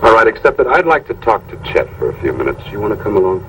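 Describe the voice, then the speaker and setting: An actor playing a determined cop who speaks slowly and threateningly in an old film. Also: male voice, fairly low pitch, very animated, fairly bright tone. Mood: grim. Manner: slow and threatening. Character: grim, determined middle-aged cop. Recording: old film sound, distant mic, faint noise.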